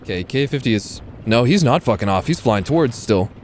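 A man's voice: mid-range voice, animated, brisk, a little mellow, a little hiss or hum. A young man streaming a tank game live, joking around and swearing as he talks through the fight. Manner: jokey, swears a lot, thinks aloud mid-fight. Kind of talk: live gameplay commentary.

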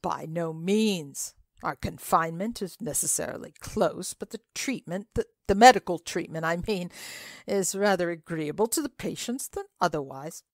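A woman voicing a genial, excitable older male asylum director in a dramatic reading of a classic story, talking in a courtly, grandly emphatic way. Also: on the low side, normal speed, no echo, clean studio sound.

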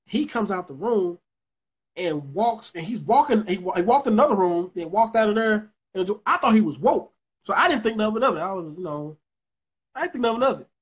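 A man's voice: high-pitched, lively intonation, fairly quick, breathy edge. A young man tells a story to his viewers in a rambling, profane way, full of restarts. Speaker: vlogger addressing his viewers. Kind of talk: casual storytelling commentary.

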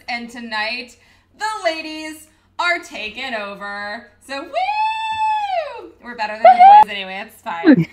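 A woman's voice: fairly high pitch, sharp tone. A woman hosting a casual livestream chat in a bubbly way, laughing often. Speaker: host.

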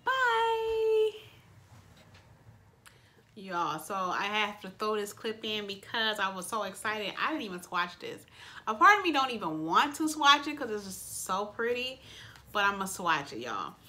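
Bright-voiced gushing woman vlogger. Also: mid-range voice, normal speed. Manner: gushing, excitable, addresses viewers as y'all. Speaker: beauty vlogger. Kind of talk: casual unboxing chat. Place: her bedroom.

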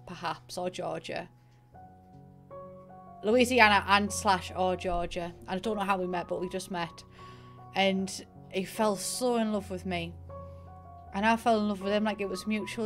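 A young woman with a Northeast English accent, streaming and chatting casually, rambling through a story and thanking viewers. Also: mid-range voice. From northeast England. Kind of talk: casual gaming stream chat. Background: faint piano music.

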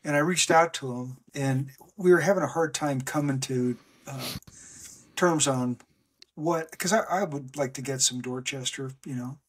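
A man co-hosting a casual podcast, talking in a halting way with many ums and restarts. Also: medium pitch, slight background noise. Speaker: podcast co-host. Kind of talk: casual chat.

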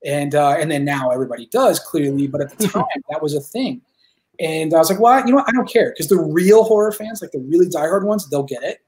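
Man, fairly high voice, excited rambling guest, casual chat, swears a lot. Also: fairly quick. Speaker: filmmaker guest.

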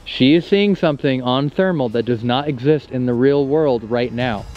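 A man hosting a paranormal investigation, talking excitedly and insistently outdoors at night and often repeating himself. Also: mid-range voice, normal speed, lo-fi sound. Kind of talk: excited on-location commentary.

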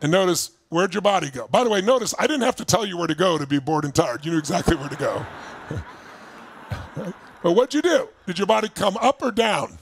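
A man leading a live seminar over video call as a motivational speaker, energetic and emphatic, prodding his audience with constant "right?". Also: high voice, a little fast, gravelly, breathy edge.

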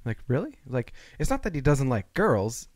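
A man's voice: medium pitch, very animated, moderate pace, darkish tone, no echo. Easygoing man musing in a chat. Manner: easygoing, reflective, lots of fillers. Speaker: podcast co-host. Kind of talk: casual chat.

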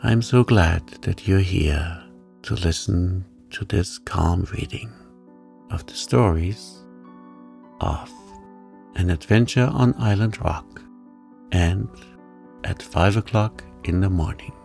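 A man narrating a bedtime story in a soft, soothing, gentle way. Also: low-pitched, slow, gravelly, soft background music.

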